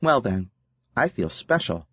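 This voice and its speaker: A male audiobook narrator voicing a sleepy, teasing young woman in a soft, breathy tone. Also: mid-range voice, big pitch swings, unhurried, no room sound, pitched above the performer's own voice. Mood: wry. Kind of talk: audiobook character voice.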